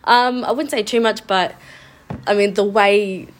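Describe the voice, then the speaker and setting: A woman from Australia with an Australian accent, a guest telling her story in a casual podcast chat, animated and saying "literally" often. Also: medium pitch, measured pace.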